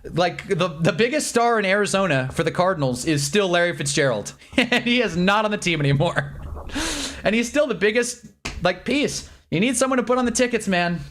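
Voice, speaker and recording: Stream host, excitable man with a high, very lively voice, rambling. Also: fairly quick. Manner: excitable, rambling, laughs often. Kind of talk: live draft reaction stream.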